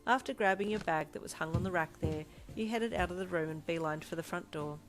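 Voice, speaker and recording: A woman reading a second-person fan fiction story aloud in a steady, measured storytelling voice. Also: fairly low pitch, over music. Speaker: fanfiction reader.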